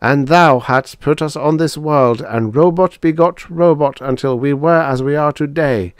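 A man's voice: a little high, measured pace, smooth, dry recording, pitched above the performer's own voice, close to an everyday voice. A man voicing a solemn, worshipful male robot that chants its lines.

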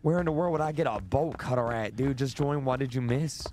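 A young man streams a horror game, his mid-range voice brisk and slightly mellow with a little background noise. He sounds jittery, keeps repeating himself, and is losing his voice as he gives live commentary.

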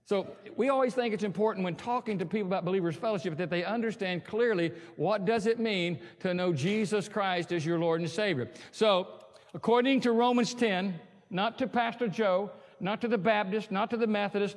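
A man with a notably high-pitched voice preaches from the pulpit, pressing his points home with rising emphasis and reading scripture aloud. His voice rings out with a long echo, recorded in a church sanctuary. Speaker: pastor. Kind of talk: sermon.

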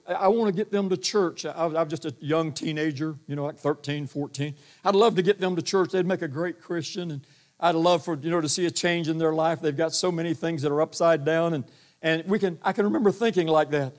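Older man preaching in a booming voice. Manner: booming voice, rambling with restarts and acted-out quotes. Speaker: pastor. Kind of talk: sermon. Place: church sanctuary.

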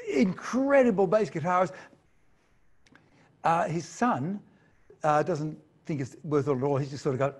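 Give me a man with a slightly high voice giving a playful science talk. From Australia. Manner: playful, jokey, animated storytelling. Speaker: science presenter. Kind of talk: lively live science talk.

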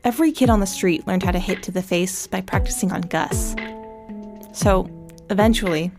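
A woman giving a measured, dramatic scripted podcast narration. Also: medium pitch. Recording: podcast narration over music.

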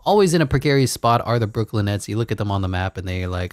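A man calling a simulated basketball video game play-by-play, excitable and jokey, rising to big shouts on key moments. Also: lowish voice, fast, no echo. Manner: jokey asides and laughs between calls. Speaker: gaming channel host.

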